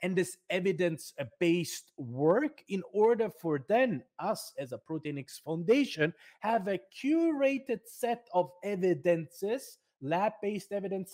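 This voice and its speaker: Man, foundation representative, emphatic, repetitive, fairly high voice. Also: darkish tone. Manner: emphatic, repeats words to stress them. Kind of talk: promotional talk.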